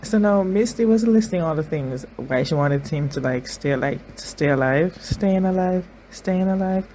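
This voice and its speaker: Brief: reaction-video host, emotional and tearful, halting commentary full of repeats, mid-range voice. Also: mid-range voice, darkish tone, a little hiss or hum, rough recording. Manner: emotional, repeats phrases, thinks aloud with many restarts.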